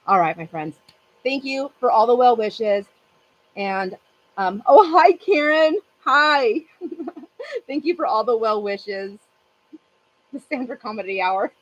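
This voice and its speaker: A woman's voice: a little high, lively intonation, slow, pauses often, highs cut off. A woman in her fifties hosting a craft channel, chatting casually with her livestream viewers in a rambling way and laughing often.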